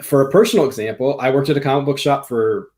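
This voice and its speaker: A man co-hosting a podcast, explaining his ideas in a thoughtful, measured way during a casual chat. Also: medium pitch, a little mellow. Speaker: podcast co-host.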